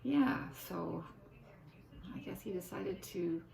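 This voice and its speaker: A woman's voice: fairly low pitch, takes it slowly, creaky, mellow. An older woman, chatting casually in a meandering way and breaking off into forgetful asides to herself. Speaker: vlogger. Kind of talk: casual rambling chat. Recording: echoey room.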